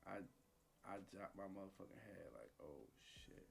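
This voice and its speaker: A man with a low, gravelly voice tells a personal story in a loose, slangy way. He swears freely and acts out the people he quotes. He speaks close to a studio microphone, with a faint hiss behind him. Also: lively intonation, measured pace. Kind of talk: casual profane storytelling.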